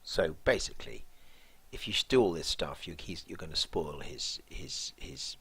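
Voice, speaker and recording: A man teaching, walking through a play line by line in a thoughtful, musing way, often pausing and restarting. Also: rumbling low, animated, fairly bright tone, breathy edge, dry recording.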